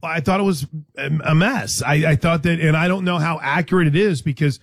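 A male sports radio host talking casually with a co-host, often restarting his sentences and teasing. His voice sits a bit high for a man. The studio sound is dry and close. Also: fairly quick, dry recording. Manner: conversational, hesitant restarts, teasing.

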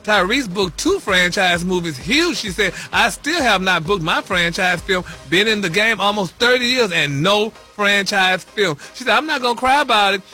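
A man's voice: sits high, expressive, normal speed, hardly any pauses, pushed and bright, faint music behind. A man hosting a radio gossip segment, flamboyant and calling listeners honey and baby. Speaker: radio show gossip host.

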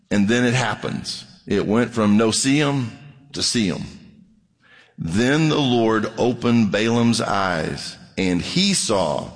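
Animated preacher in a reverberant hall. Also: male voice, on the low side. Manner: animated, humorous asides to the congregation. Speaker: pastor. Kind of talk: sermon reading scripture with asides. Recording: long reverb of a large hall.

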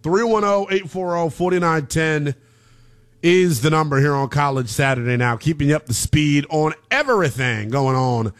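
Excitable sports radio host man. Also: a little high, normal speed. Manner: excitable, emphatic, slangy. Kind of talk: sports talk radio show.

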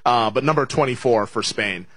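A man's voice: mid-range voice, moderate pace, a bit bright, no echo. A man hosting a sports betting show, chatting casually through a live match watch-along with lots of fillers and laughs. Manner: chatty, laughs often, many fillers and restarts.

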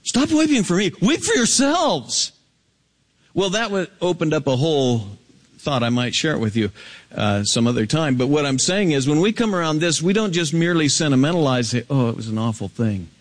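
A man preaching an expository sermon, swinging from soaring emphatic peaks down to low hushed asides. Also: lively intonation, a little fast. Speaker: pastor.

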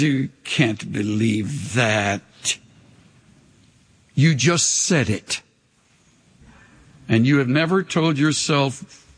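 Impassioned older pastor in echoey church. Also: male voice, sits high, fairly bright tone. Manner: impassioned, leads call-and-response. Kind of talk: sermon. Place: church sanctuary.

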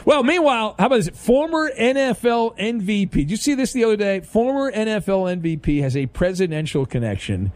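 A man's voice: sits high, sing-song, brisk, hardly any pauses, darkish tone, dry recording. A middle-aged man hosting a sports talk radio show, wry and rambling as he riffs on the news.

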